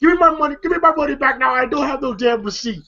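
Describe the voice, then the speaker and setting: A movie reviewer voicing an irate, foul-mouthed African man customer who yells and curses. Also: high-pitched, expressive, quick pace, vocal fry, dull audio, voice pushed up, full character voice. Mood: indignant. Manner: shouting, cursing, indignant.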